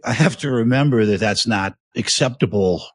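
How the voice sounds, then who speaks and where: Easygoing American man, low voice. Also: normal speed, slightly rough, no echo, studio quality. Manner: easygoing, wraps up segments and promotes the channel. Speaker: co-host. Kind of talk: casual chat.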